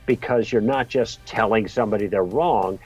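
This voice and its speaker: A man's voice: fairly low pitch, moderate pace, darkish tone, slightly rough. A middle-aged man telling a story as a podcast guest, in a friendly manner with small chuckles. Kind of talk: storytelling in an interview. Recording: dull lo-fi sound with faint music.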